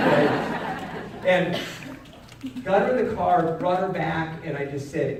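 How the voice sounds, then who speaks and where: A middle-aged man giving a motivational keynote, telling a personal story in an earnest way that moves from loud to hushed. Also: on the high side, lively intonation, slow pace, a little hiss or hum. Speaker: keynote speaker. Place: large event hall. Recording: echoey hall, mic at a distance.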